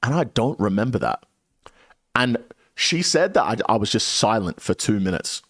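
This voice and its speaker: A young man spins a story on stream, with his pitch swooping up and down as he swears his way through it. The sound is dry and close, with no room around his voice. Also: measured pace, long pauses, dry recording. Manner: animated, swears a lot. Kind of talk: casual storytelling.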